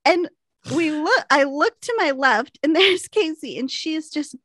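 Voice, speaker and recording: Woman, high voice, very lively pitch, animated, laughing, dry close sound. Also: unhurried, dry recording. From American Midwest. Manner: animated, laughing, acts out quotes. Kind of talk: casual storytelling chat.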